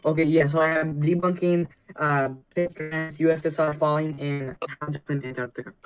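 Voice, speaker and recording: A man's voice: a little high, little pitch movement, fairly quick, soft background music. A man co-hosting a podcast in casual chat, teasing and joking, repeating words as he thinks. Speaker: podcast co-host. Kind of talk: casual group chat over a call. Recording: dull lo-fi audio.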